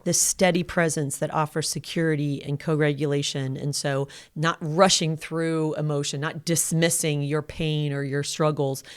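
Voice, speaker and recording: A middle-aged woman with a low voice co-hosts a parenting podcast in casual conversation. She explains patiently and encouragingly, often acting out what a parent might say. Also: level tone, moderate pace, hardly any pauses, clear, resonant tone. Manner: warm, encouraging, teaching tone with quoted examples. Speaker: podcast co-host.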